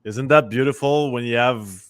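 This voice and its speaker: Friendly former hockey player guest, dry sound. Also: male voice, medium pitch, no room sound. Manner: friendly, halting with restarts. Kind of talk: casual sports analysis.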